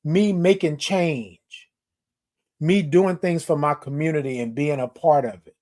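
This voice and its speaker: A man in his forties hosts a live-stream show, talking casually and affectionately to his viewers and repeating phrases for emphasis. His voice is on the high side, a little slow, and a little mellow.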